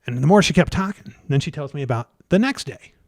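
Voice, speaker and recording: A man telling a story in a casual interview, stumbling over restarts and fillers and getting animated as he retells scenes. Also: a little high, no room sound, studio quality. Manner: halting, many restarts and fillers. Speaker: guest researcher.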